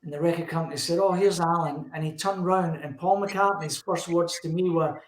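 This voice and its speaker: Glasgow-accented male guest, animated raconteur, a bit high-pitched, echoey room on a video call. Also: a little fast. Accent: Glasgow Scottish. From Scotland. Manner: lively storyteller acting out quoted voices. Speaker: guest musician. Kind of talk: casual anecdote telling. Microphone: video call from his computer.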